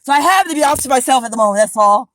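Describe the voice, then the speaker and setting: A woman's voice: sits high, lively intonation, very fast, fairly bright tone, rough recording. An American woman in her forties, insistent and rambling, talking from inside her parked car during a police stop. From USA. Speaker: motorist questioned by police. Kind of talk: tense confrontation.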